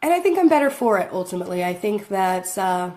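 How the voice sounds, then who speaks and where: A woman's voice: mid-range voice, sing-song, fast talker, a little mellow. A woman vlogging to her phone camera, rambling and self-deprecating as she talks casually, often laughing between thoughts.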